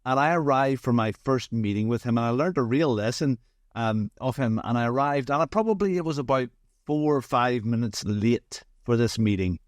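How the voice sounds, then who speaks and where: A man's voice: mid-range voice, expressive, normal speed, dry recording, clean studio sound. A man hosting a casual interview, chatty and rambling. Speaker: podcast host.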